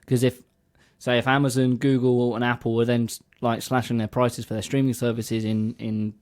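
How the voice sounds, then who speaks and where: A man's voice: medium pitch, flat delivery, normal speed, a little mellow. A man co-hosting a casual music podcast, explaining things at length in a chatty way. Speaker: podcast co-host.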